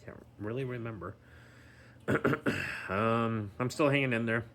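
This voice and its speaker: A man talking casually in a daily vlog, rambling slowly with many ums and restarts while recovering at home and sounding tired. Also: mid-range voice, fairly bright tone. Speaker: vlogger.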